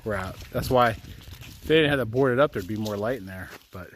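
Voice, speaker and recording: A man's voice: fairly low pitch, normal speed, slight background noise. A man chatting and joking casually while walking his dogs outdoors, a bit out of breath. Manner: joking, chatty, puts on silly voices. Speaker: dog-walking vlogger. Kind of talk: casual vlog narration while hiking. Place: outdoors on a trail and in a tunnel.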